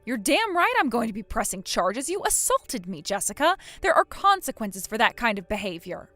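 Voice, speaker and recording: A woman's voice: a little high, very animated, normal speed, sharp tone, no room sound, soft background music. A woman voicing a cold, furious young wife who scolds her sister-in-law without mercy. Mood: stern. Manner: stern, scolding, unforgiving.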